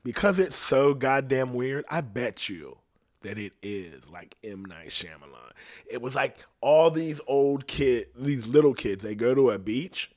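A man hosting a podcast, rambling through a casual comedic monologue full of swearing. He keeps checking in with the listener and swings between loud and quiet phrases. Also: unhurried. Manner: rambling and profane, constantly asking "you know what I'm saying"; animated, pitch and loudness swinging widely between phrases. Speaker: podcast host.

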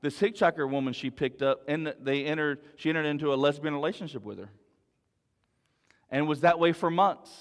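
A man's voice: on the high side, fairly quick, in a large hall. A man preaching a sermon as pastor, earnest and storytelling, repeating words as he builds his point.

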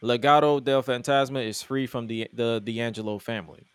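A man's voice: medium pitch, steady tone, normal speed, slight background noise. A man co-hosting a podcast, chatting casually and jokingly about wrestling with loose restarts. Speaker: podcast co-host.

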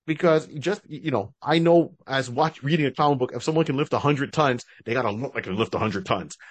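A man's voice: medium pitch, brisk, slightly rough, no echo. A man co-hosting a podcast, chatting casually and at length, often restarting his sentences. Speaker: podcast co-host. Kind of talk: casual fan-casting chat.

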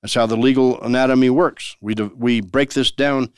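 A man's voice: mid-range voice, steady tone, normal speed, clean tone, no room sound, studio quality. A man hosting a show and explaining law in a chatty way, asking rhetorical questions and chuckling now and then. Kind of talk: casual legal commentary.

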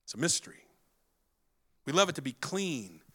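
Male pastor preaching with an animated delivery, bright and forceful, acts out scenes. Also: fairly high pitch, moderate pace. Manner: animated, wide swings in loudness and pace; acts out quoted dialogue. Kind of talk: sermon.

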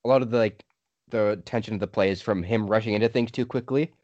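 A man's voice: on the low side, fairly even intonation, quick pace, a little mellow, no room sound. A young man co-hosting a podcast, giving dry, offhand opinions in casual chat. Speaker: podcast co-host. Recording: dry, dull lo-fi sound.

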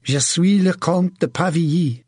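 Defeated French nobleman, proud and hateful, slow with a French accent; a man acts him out. Dry, husky. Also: a little high, darkish tone, dry recording, pitched above the performer's own voice. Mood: surrendering.

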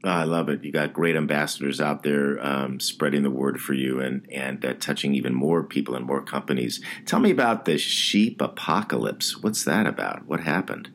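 An interview host with an extremely deep voice responds warmly and asks brief questions. He keeps his turns short and encouraging, handing the floor back to his guest. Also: moderate pace, hardly any pauses. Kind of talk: casual interview.

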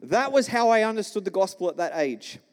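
Male pastor, high voice, storytelling sermon, long church-hall reverb. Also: big pitch swings, fairly quick. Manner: storytelling, engages the congregation with questions.

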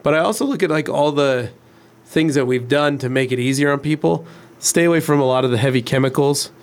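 A man in his forties co-hosts a relaxed studio livestream, his voice sitting a touch high. He rambles into long anecdotes with loose, conversational pacing. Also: fairly quick. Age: 40s. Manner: storytelling, rambling. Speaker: co-host. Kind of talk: casual livestream chat.

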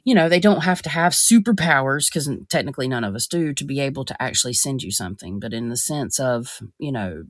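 A podcast co-host talks through spiritual ideas in an earnest, searching way, often circling back and restarting mid-sentence. The voice sits at a middle pitch and is recorded close and dry, with no room sound. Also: lively intonation, a little fast, hardly any pauses, no echo. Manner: earnest, explaining with frequent restarts. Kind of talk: casual podcast discussion.

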